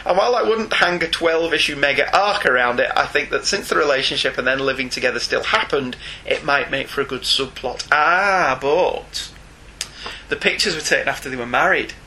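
A man's voice: on the high side, brisk, pushed and bright, a little hiss or hum. A man with a Northern English accent co-hosting a podcast, reading listener emails aloud and teasing his co-host with frequent laughter. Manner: teasing and jokey, laughs often.

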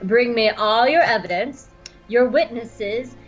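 A woman voicing a scheming male prime minister who gives slow, falsely reassuring orders. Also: on the high side. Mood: fake soothing. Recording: dull lo-fi sound with faint music.

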